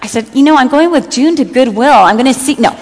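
A middle-aged woman gives a sermon to women, telling personal stories and humorously acting out what her friends said. Her voice sits high, expressive and darkish, and she talks fast, with slight background noise and long hall reverb.

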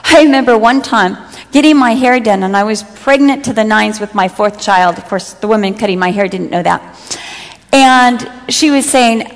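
A woman's voice: medium pitch, normal speed. A middle-aged woman giving a sermon, telling personal stories and acting out what friends said with humor. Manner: storytelling, acts out quoted friends with humor. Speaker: speaker giving a talk to women. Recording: long hall reverb.

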